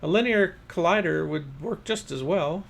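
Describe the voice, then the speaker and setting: A man's voice: on the high side, expressive, moderate pace, gravelly, voice pushed up. A man voicing a formal, brainy new boy who talks about science with precise wording.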